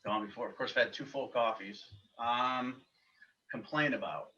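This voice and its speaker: A man's voice: medium pitch, moderate pace, bright, forceful tone, slight background noise. A man from the Northeastern US, a recruiting analyst on a casual podcast, giving blunt, confident opinions over distant, dull remote audio.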